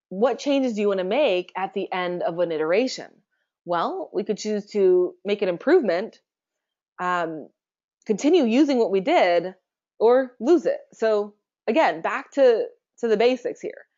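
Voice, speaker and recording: A woman giving a conversational webinar presentation, chatty and relaxed, often asking her listeners rhetorical questions. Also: medium pitch, lo-fi sound.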